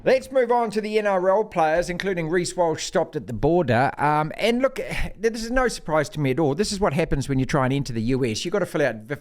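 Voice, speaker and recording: A man's voice: fairly high pitch, a little mellow. A middle-aged man with a New Zealand accent hosting a sports podcast, blunt and mocking in his opinions. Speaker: podcast host.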